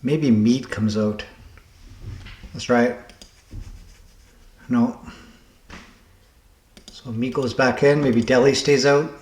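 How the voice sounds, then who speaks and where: A man thinking aloud as he solves word puzzles, halting and correcting himself as he goes. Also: medium pitch, steady tone, a little mellow, reverberant. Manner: muttering, halting, self-correcting. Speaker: puzzle game vlogger.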